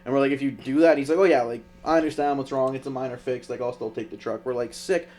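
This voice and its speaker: A man's voice: medium pitch, fast talker, faint music behind. A young man, a podcast co-host, telling a profane road story in casual chat. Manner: profane, animated anecdote telling.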